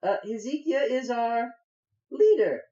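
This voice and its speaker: A squeaky, flustered little halfling woman who talks high and jumpy, as a game master puts her on. Her voice is mellow and a touch dull, like a home podcast mic. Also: expressive, unhurried, echoey room, recorded from a distance. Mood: pleading. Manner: high, alarmed and pleading. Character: nervous female halfling bard-band member.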